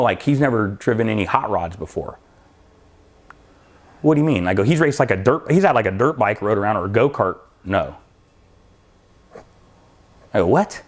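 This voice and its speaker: Man telling a lively racing story. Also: fairly low pitch. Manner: animated anecdote telling, acting out both sides of dialogue. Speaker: drag racing school owner and crew chief. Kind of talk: casual storytelling.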